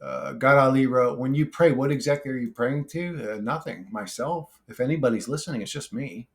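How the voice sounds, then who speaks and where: A man talks off the cuff to his viewers in a blunt, profane way. He wanders through his thoughts with frequent restarts and fillers. His voice sits at an ordinary middle pitch for a man. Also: brisk. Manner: blunt, swears freely, rambling with restarts. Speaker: YouTuber reading comment replies. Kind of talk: casual monologue.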